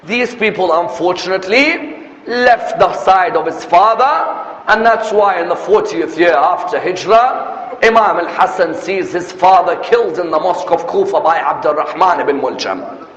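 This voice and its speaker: High-voiced preacher in an echoey hall. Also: male voice, moderate pace, fairly bright tone. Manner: impassioned, rhetorical questions, rising emphasis. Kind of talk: sermon. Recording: echoey hall, muffled lo-fi sound, faint noise.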